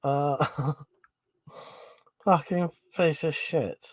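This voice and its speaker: A man's voice: fairly high pitch, fairly even intonation, very slow, dry recording. A man hosting a casual live-stream chat, a bit drunk, swearing freely and laughing often. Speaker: livestream host.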